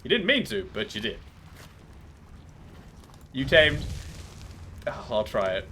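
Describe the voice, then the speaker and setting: A man's voice: medium pitch, big pitch swings, slow, pauses often, pushed and bright, slight background noise. A man streaming a game live, chatting casually and rambling off into trivia tangents. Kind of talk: casual gameplay commentary.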